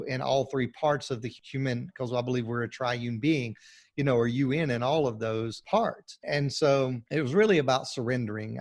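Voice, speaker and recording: A man speaking as a pastor guest on a podcast interview, emphatic and preacherly, with frequent restarts. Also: mid-range voice.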